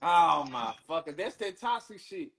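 A man's voice: on the high side, big pitch swings, measured pace, vocal fry, fairly bright tone. Man, stream host, joking, profane, easygoing. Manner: laid-back, profane and teasing. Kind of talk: casual live-stream chat.

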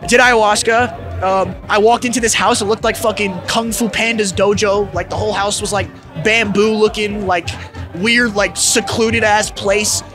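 A young man with a noticeably high voice tells a long personal story as a guest in an interview. He talks in a relaxed, slangy way, packing his sentences with fillers and casual swearing. Faint music plays in the background. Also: normal speed. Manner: laid-back, filler-heavy slang with frequent "like" and swearing.

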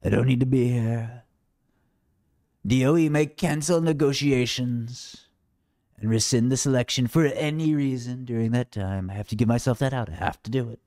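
A man's voice: mid-range voice, normal speed, dark tone, dry recording, clean studio sound. A man giving rambling, sarcastic livestream commentary, mocking and wandering off topic.

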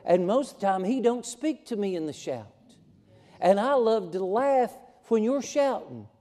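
Folksy preacher in a reverberant church. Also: male voice, sits high, big pitch swings, unhurried, mellow. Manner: folksy, emphatic preaching, rising to a fervent climax. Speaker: pastor. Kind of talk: sermon. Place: church sanctuary.

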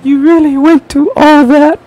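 A cheerful cartoon mouse squeaks in a thin, very high falsetto. The voice sits far above his own deep register and sounds nothing like his usual timbre. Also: little pitch movement, a little slow, darkish tone. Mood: bashful.

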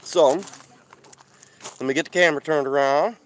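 Speaking at a moderate pace with a steady tone, this man's voice sits a little high, with a bit of hiss or hum in the audio. He's a van-life vlogger on a live stream at a desert campsite, eating, rambling chattily, and reading viewer comments aloud.

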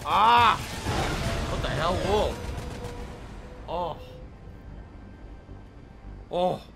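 An excitable man ranting and laughing his way through a gameplay commentary. His voice sits a little high and swings widely in pitch, and game music plays loudly behind him. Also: normal speed.

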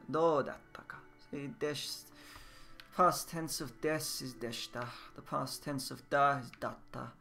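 Male teacher, unhurried and patient, bright clear tone, repeats each word, light music underneath. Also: mid-range voice, fairly even intonation. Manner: slow, repeats words for learners. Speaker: Japanese language teacher. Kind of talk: casual game-based lesson.

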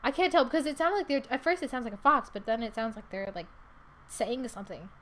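High-voiced woman chatting while gaming. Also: fast talker. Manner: chatty, reacts loudly and laughs often. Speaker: streamer. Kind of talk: casual let's-play commentary.

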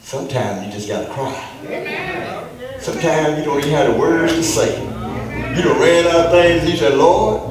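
A man preaching a fervent sermon, moving between speaking and shouted, half-sung lines. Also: a little high, moderate pace, long pauses, crowd noise. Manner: fervent call-and-response preaching, breaking into shouts and chant. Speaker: pastor. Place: church sanctuary. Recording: very echoey church, mic at a distance, music behind.

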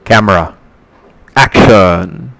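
A man's voice: lowish voice, takes it slowly, gravelly, a bit bright, no room sound. A sleepy man chuckling through laid-back gaming chat with friends. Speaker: gaming channel regular. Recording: noisy voice chat.

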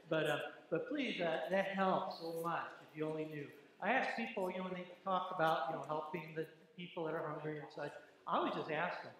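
A man's voice: fairly high pitch, a little fast, fairly bright tone. A man giving casual church announcements in a folksy, joking manner from the front of a large sanctuary, with plenty of ums and uhs. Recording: very echoey church hall, faint noise.

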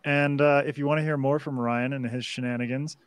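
A man's voice: mid-range voice, steady tone, fairly quick, clear, resonant tone. A male podcast co-host wrapping up a livestream chat, laid-back and friendly, swearing casually.

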